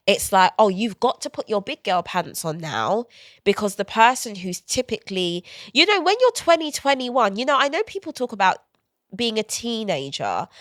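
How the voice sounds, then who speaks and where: A woman's voice: mid-range voice, no room sound, studio quality. A woman, guest on a podcast, telling personal stories candidly and acting out what people said. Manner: candid, animated storytelling with quoted asides. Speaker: guest author. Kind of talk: conversational podcast interview.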